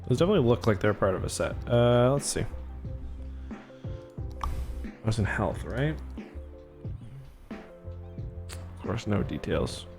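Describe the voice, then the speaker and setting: A man's voice: lowish voice, very animated, slow, long pauses, music in the background. Chatty young man streaming a game. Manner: chatty, rambling, thanks viewers. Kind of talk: casual gameplay livestream.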